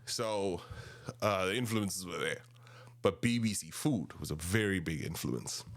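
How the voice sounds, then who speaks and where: A man in his thirties with a South African accent, rambling and animated as he tells casual stories about his past. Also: low-pitched, a little slow. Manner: rambling, animated, restarts often. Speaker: podcast host. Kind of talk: casual storytelling monologue.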